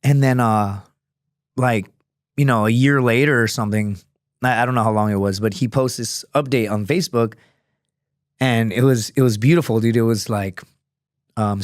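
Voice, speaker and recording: A man's voice: medium pitch, moderate pace, long pauses, no room sound, clean studio sound. A man guest on a podcast, telling stories loosely and casually and swearing freely.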